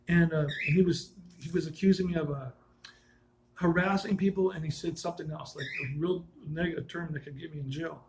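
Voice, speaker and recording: A vlogger with a gravelly, fairly high voice shares personal stories casually at normal speed, wandering, restarting sentences and correcting himself. He chuckles as he goes, and the rough recording carries slight background noise.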